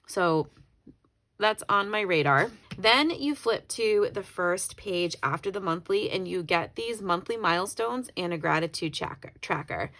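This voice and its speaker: Flipping through her planner on camera, this YouTuber talks casually, wandering off track and fixing her own words, with a brief tearful moment. She speaks a little slowly in a low-leaning, expressive voice that's a bit bright.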